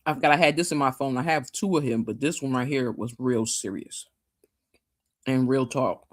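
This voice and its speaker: A woman's voice: rumbling low, normal speed. A woman hosting a casual livestream, chatting and joking with viewers in the chat. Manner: chatty and animated, talking to chat. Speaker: livestream host.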